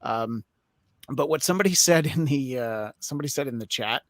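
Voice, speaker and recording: A man joining a podcast chat, delivering sarcastic jokes deadpan. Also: mid-range voice, a little fast, no echo, studio quality. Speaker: podcast panelist. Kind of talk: casual chat.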